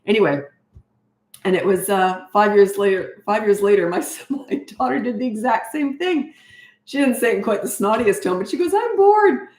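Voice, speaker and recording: A woman's voice: medium pitch, moderate pace, a little mellow, echoey room. A middle-aged woman coaching parents in a casual live-stream Q&A, frank and chatty, laughing often, on a webcam.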